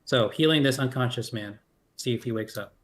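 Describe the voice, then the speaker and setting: A man's voice: mid-range voice, brisk, fairly bright tone, slight background noise. Man thinking aloud as a tabletop player. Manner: thinking aloud, many fillers. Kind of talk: tabletop role-play.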